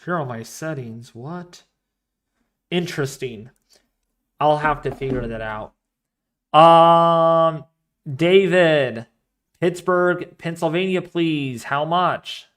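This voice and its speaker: A man hosting a live weather stream, talking casually and excitably, rambling off into asides while reading the models and the chat. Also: on the high side, takes it slowly, long pauses. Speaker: weather livestream host.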